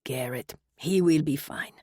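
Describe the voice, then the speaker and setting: A woman's voice: deep voice, a little slow, warm tone, breathy edge, no room sound, clean studio sound. A woman voicing a firm, formal older male country doctor with a Spanish accent in an audiobook.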